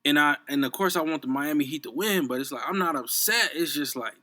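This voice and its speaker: A man's voice: on the high side, a little fast, hardly any pauses, pushed and bright. A young man from Chicago hosting a podcast, ranting about sports in a heated, profane way and repeating himself. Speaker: podcast host. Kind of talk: unscripted sports rant.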